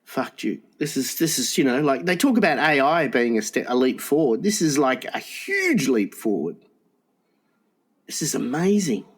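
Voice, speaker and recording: A man co-hosting a crude comedy podcast, excitable, swearing often and laughing a lot. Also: mid-range voice, normal speed, breathy edge. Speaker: podcast co-host.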